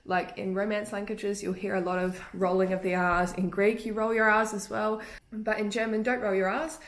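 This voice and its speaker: A woman's voice: mid-range voice, little pitch movement, normal speed. Chatty young woman in an echoey room. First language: English. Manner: chatty, laughs easily. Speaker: language tips vlogger. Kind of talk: casual spoken tutorial.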